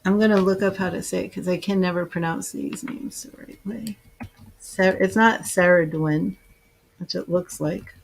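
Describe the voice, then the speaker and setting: A woman giving a live tarot reading, slowly invoking goddesses and reading card meanings aloud in a soothing way. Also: fairly low pitch, steady tone, creaky, a little mellow, husky. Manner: slow, soothing, invoking spirits. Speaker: tarot reader.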